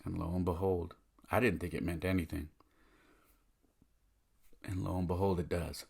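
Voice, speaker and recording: A man with a husky, rough-edged voice speaks as a podcast host. He tells a personal story in an earnest, heartfelt way, thinking aloud as he goes. His voice sits fairly low. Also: little pitch movement, moderate pace, darkish tone.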